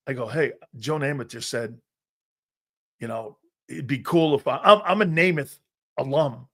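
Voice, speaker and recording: A man's voice: fairly high pitch, a bit bright. A middle-aged man from Connecticut hosting a sports talk show, telling rambling stories in a casual way and speaking to viewers in the live chat.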